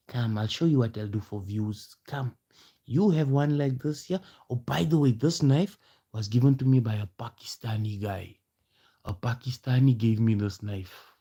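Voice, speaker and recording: A man speaks in a confrontational vlog rant, his voice warm and dark. He presses his listeners with one challenging rhetorical question after another. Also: mid-range voice, a little slow, slightly rough. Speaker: vlogger.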